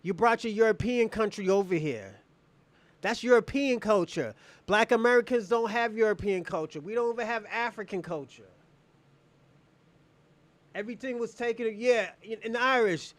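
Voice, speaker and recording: Heard without echo, this man's voice sits high with lively intonation and a moderate pace. Hosting a livestream, he gives fiery commentary and jeers at his viewers, frequently dissolving into laughs.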